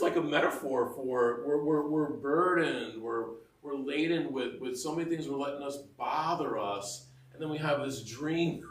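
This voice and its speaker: A man's voice: mid-range voice, vocal fry, a bit bright. A middle-aged man giving a conversational homily, chatty and self-mocking, full of asides and laughter. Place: church. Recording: roomy echo, mic heard from a distance.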